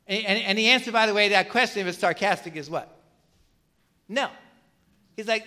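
A pastor preaching in a casual, conversational style, asking the congregation questions and using plenty of fillers. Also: male voice, high voice, brisk, bright, forceful tone. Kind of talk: sermon.

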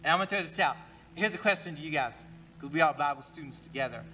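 A man's voice: on the high side, animated, quick pace, sharp tone, poor audio. A male pastor preaching a conversational sermon in church, talking casually, often repeating words and asking the congregation questions.

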